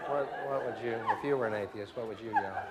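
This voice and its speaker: A man's voice: medium pitch, fast, over a noisy crowd. A young man doing a provocative stand-up routine in front of a live audience, with mock-innocent asides. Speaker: stand-up comedian. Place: comedy stage before a live audience. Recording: live stage tape with clear hiss.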